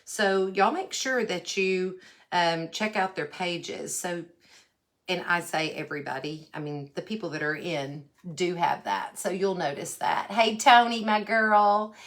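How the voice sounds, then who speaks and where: A woman's voice: lowish voice, measured pace, a bit bright. Chatty Texan woman hosting a craft livestream. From Texas. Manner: chatty, greets viewers by name, folksy.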